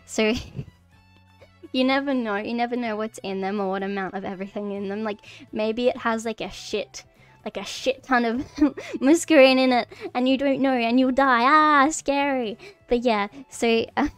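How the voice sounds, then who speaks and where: A woman's voice: on the high side, normal speed, smooth. A woman streamer giving a casual livestream lesson, nervous and giggly, rambling with many fillers and restarts. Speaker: streamer teaching mycology. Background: faint background music.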